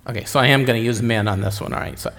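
A man's voice: medium pitch, very fast, vocal fry, fairly bright tone. A middle-aged man preaching, a pastor telling jokes in a rambling, chatty way that keeps interrupting itself. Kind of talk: sermon with jokes. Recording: echoey church hall.

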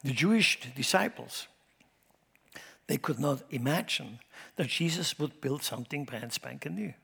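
A man preaching a sermon who speaks emphatically, swinging his loudness up and down and asking his congregation rhetorical questions. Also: mid-range voice, expressive, unhurried, creaky, husky. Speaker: pastor. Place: church sanctuary. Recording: long hall reverb.

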